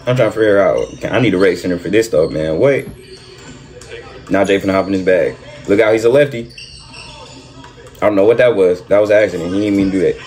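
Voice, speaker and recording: A man doing excited reaction commentary over a basketball video, repeating himself and talking in slang. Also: low voice, fast talker, pauses often, soft background music. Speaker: reaction streamer.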